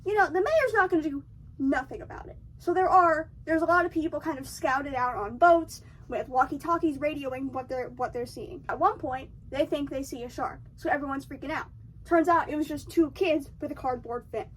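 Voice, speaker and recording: Young female video essayist, high voice, chatty slangy retelling, recorded a bit off-mic. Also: moderate pace, far from the mic, slight background noise. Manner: chatty and slangy, acts out characters' lines. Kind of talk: casual film recap.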